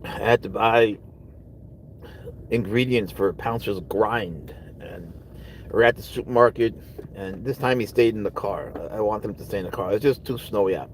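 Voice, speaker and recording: A man's voice: lowish voice, moderate pace, slight background noise, rough recording. A man hosting a casual livestream, rambling as he answers viewers' comments and trailing off into mutters, speaking from a parked car. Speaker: livestream host. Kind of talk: casual live chat with viewers.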